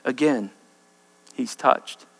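A man preaching a sermon, swinging between loud, intense lines and hushed, quiet ones. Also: medium pitch, very slow, creaky.

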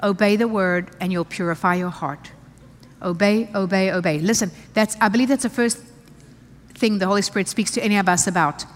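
A woman's voice: mid-range voice, fairly quick. A woman pastor preaching a sermon, reading scripture aloud and repeating key phrases with emphasis. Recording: church hall reverb.

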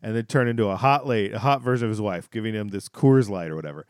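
In a fairly low-pitched voice, a podcast co-host talks fast while casually recapping a sitcom episode. He rambles, restarts, and tosses in laughing asides; the clean studio sound has no room sound.

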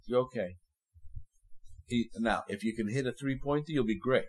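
An older man, a rabbi, giving an animated sermon full of jokes and acted-out little scenes. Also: medium pitch, normal speed, rough recording.

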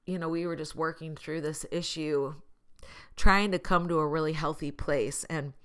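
A woman with a notably low-pitched voice talks straight to her viewers in a loose, reflective monologue. She is earnest and open, and she pokes fun at herself with easy laughs. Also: steady tone, moderate pace, fairly bright tone, clean tone. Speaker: vlogger.

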